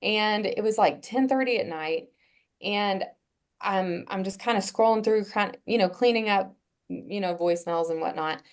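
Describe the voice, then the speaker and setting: A woman guest on a podcast, telling a personal story in a casual, earnest way, pausing often with fillers and restarts. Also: medium pitch. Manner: halting, with frequent "um" and restarts.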